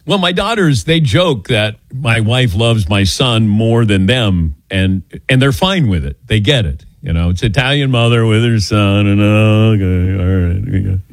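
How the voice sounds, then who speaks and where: A man's voice: lowish voice, normal speed, hardly any pauses, dry recording. A middle-aged man hosting a call-in radio show, joking and telling stories with his co-hosts. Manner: lively, joking, animated storytelling. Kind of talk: casual call-in radio chat. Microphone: studio microphone.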